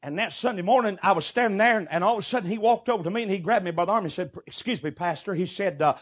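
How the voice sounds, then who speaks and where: A middle-aged man preaching a sermon, telling folksy stories and breaking into shouted bursts. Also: high voice, rapid-fire, slightly rough. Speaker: pastor.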